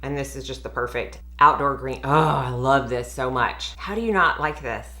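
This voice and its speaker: A woman's voice: extremely low pitch, normal speed, bright, forceful tone. A woman, chatting enthusiastically while reviewing perfumes as a beauty vlogger. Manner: chatty, enthusiastic, laughs often. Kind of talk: casual fragrance review chat.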